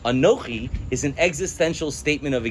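A man's voice: medium pitch, brisk, slight background noise. A man teaching a class on scripture, emphatic, weaving quoted verses into his explanations and laughing at his own points. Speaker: religious studies teacher. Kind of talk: text-study lecture with a class.

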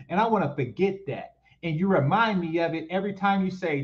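A high-voiced man with lively intonation speaks at a moderate pace, and the recording has its highs cut off. As a commentary host from East Oakland, California, he reacts to clips with blunt, mocking rants, circling back to his points for emphasis.

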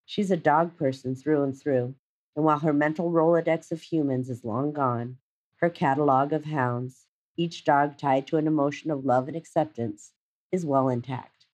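A woman in her fifties reading her own personal essay aloud in a measured, reflective and gently wry way. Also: rumbling low, fairly even intonation. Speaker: narrator.

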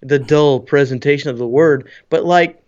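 A man who is a pastor and podcast co-host, talking in an energetic, joking way. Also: a little high, moderate pace, muffled recording. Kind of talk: podcast conversation.

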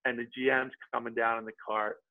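A man's voice: medium pitch, fast talker. Man telling a story over a tinny line. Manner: animated, acts out what people said. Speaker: podcast guest. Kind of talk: casual storytelling.

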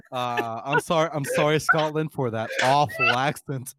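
A man's voice: medium pitch, moderate pace, very noisy. A man from Puerto Rico co-hosting a podcast in casual, joking chat, often cutting in. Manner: joking, interrupts with "wait, wait". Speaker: podcast co-host.

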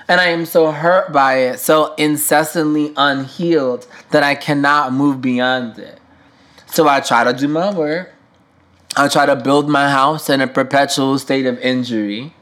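A man's voice: a little high, a bit bright. A man hosting a podcast, talking through his feelings in a candid, emotional solo monologue, swearing freely with casual slang and lots of fillers. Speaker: podcast host.

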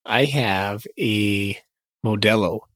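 A man's voice: fairly low pitch, slow, a bit bright, no room sound. A man co-hosting a casual podcast, easygoing and self-deprecating. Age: adult. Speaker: podcast co-host.

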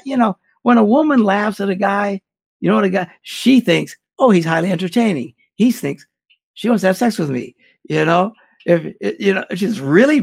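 Man, high pitched gravelly voice, husky, animated blunt advice. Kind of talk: casual podcast chat.

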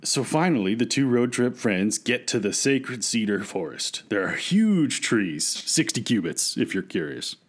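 A man co-hosting a podcast, casually retelling a myth in a lively, jokey way. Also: mid-range voice, unhurried, hardly any pauses. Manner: lively, jokey, laughs often. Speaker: podcast co-host.

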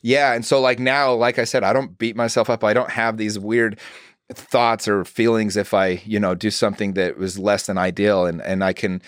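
A man's voice: fairly low pitch, little pitch movement, normal speed, no room sound, clean studio sound. A man as a podcast guest, telling personal stories in an earnest, casual way with lots of "like" fillers. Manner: earnest storytelling, frequent "like" fillers. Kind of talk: casual conversation.

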